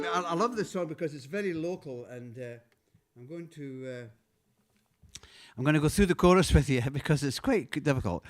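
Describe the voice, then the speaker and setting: Rambling Scottish man between songs, guitar behind. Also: mid-range voice. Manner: rambling, hesitant, with many fillers and restarts; explains things patiently, like a teacher. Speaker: singer-songwriter hosting his own live show. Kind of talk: casual chat between songs.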